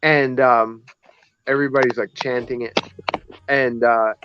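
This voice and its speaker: A man's voice: medium pitch, flat delivery, measured pace, over music. A man casually telling a personal story on a podcast, rambling and correcting himself as he goes. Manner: rambling, self-correcting, acts out voices in his stories. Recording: dry, slightly muffled podcast audio.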